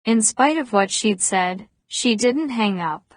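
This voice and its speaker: A woman narrating a novel as an audiobook in a measured, even reading voice. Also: medium pitch, no echo. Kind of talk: scripted narration.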